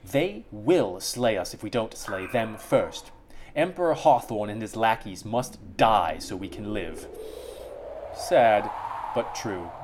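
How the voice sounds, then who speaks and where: A man reading the lines of a cold, vengeful exiled sorceress in a slow, deliberate, menacing way. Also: lowish voice, animated, a little mellow, slight background noise.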